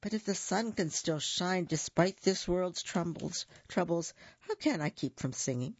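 A brave little rooster who will not stop singing, as a storybook reader puts him on. He answers threats with slow, gravelly calm in a dry, dull-sounding recording. His tone stays merry and firm. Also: mid-range voice, no room sound. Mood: cheerful resolve. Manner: defiant, steady and plain. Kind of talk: storybook read-aloud.

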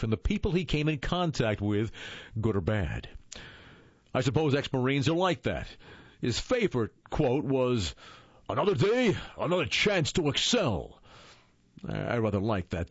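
A man from Iowa narrating his memoir as an audiobook, in an expressive storytelling manner with a husky voice. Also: medium pitch, no room sound. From Iowa, USA. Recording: dull, dry lo-fi recording.

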